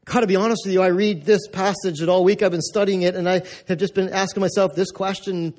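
A man's voice: high-pitched, steady tone, fast talker, hardly any pauses, darkish tone. A male pastor from North America giving a conversational, emphatic sermon with lots of repetition.

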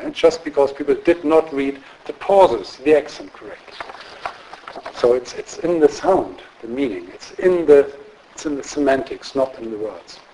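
A man giving an academic lecture in a measured, explanatory way, often checking in with tag questions and filling pauses with um and uh. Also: medium pitch, dark tone, slight background noise, rough recording. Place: lecture room.

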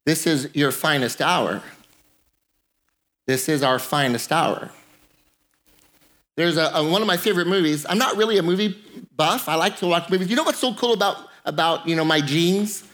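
A man's voice: a little high, normal speed, a bit bright. A man preaching a sermon as a pastor, joking with the congregation and repeating phrases for emphasis.

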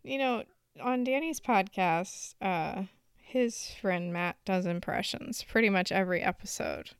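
Woman, podcast host, unhurried, animated pitch, dry close sound, teasing casual chat. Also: clear, resonant tone, no echo. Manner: laughs often, teasing.

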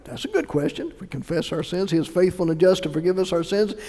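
A male pastor preaching a sermon, emphatic, swinging between loud bursts and hushed lines. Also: high voice, lively intonation, fast talker, long reverb tail.

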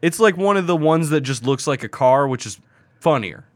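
A man in casual podcast chat, retelling a video game match in a lively, profane way with lots of fillers. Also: fairly high pitch, moderate pace, no echo, clean studio sound.

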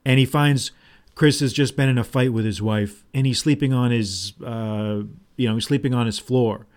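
A man's voice: medium pitch, fairly even intonation, normal speed, darkish tone. Rambling male podcast host. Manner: rambling, with restarts and "blah, blah" asides; paraphrases movie dialogue in his own voice. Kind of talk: casual solo podcast monologue.

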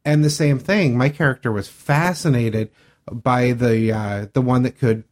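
A man co-hosting a casual podcast as a player, talking in a measured, explanatory way. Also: medium pitch.

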